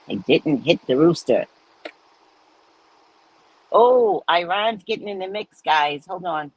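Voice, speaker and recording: A woman's voice: on the low side, animated, takes it slowly, a little mellow, husky, dull audio. A woman hosting a live stream, chatting casually and telling stories with frequent laughter. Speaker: host of live readings.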